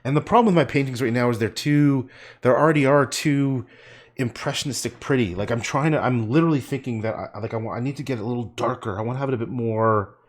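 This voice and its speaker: A man's voice: medium pitch, fast talker. Rambling, foul-mouthed male painter. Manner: rambling, profane, mutters to himself. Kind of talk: casual livestream talk while painting.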